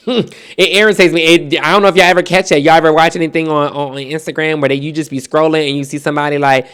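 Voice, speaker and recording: A fairly high-pitched man with a New Jersey accent talks straight to his listeners in a loose, storytelling monologue. His voice is smooth and clear, and he swears freely, laughs often and drifts into playful imitations of other accents. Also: quick pace. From Trenton, New Jersey. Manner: animated, profane, laughs often, mimics accents. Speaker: podcast host.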